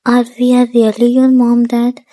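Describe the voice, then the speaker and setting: A hurt, reproachful older father questions bitterly, as a woman reader voices him. The tone stays dark and mellow, with little rise and fall. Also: a little high, monotone, normal speed, dry recording, close to an everyday voice.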